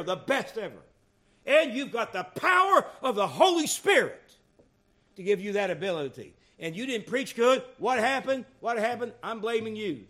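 A man preaching, his voice pitched high and swooping up and down in lively arcs. He goes from quiet confiding asides to loud, emphatic calls to his congregation. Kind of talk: sermon.

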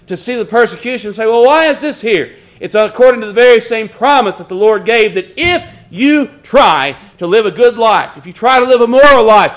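A middle-aged man preaching a sermon, earnestly quoting scripture and slowing down on key words. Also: animated. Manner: wry storytelling asides in a lower, quieter voice.

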